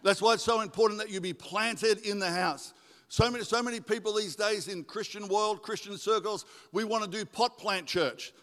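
A man preaching a sermon in a church, animated and joking with the congregation. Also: sits high, moderate pace. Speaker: guest preacher. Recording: echoey hall with long reverb.

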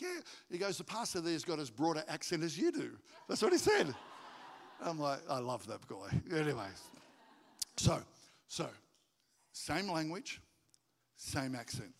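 A man preaching a sermon to his congregation, animated and jokey, acting out stories in high voices. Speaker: pastor. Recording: reverberant hall.

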